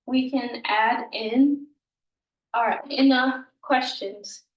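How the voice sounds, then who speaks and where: A fairly high-voiced woman explains a language lesson slowly and patiently, stopping often to correct herself. Her voice sounds roomy and a little far from the mic. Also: fairly even intonation, lo-fi sound. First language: English. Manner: slow, patient explaining with frequent ums and self-corrections. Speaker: language teacher. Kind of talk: informal recorded language lesson.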